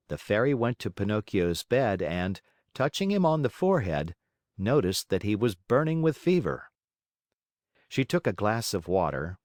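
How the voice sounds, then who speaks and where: A man reading a classic children's story aloud as an audiobook narrator, expressive and unhurried. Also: on the low side, dry recording, clean studio sound. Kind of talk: scripted narration.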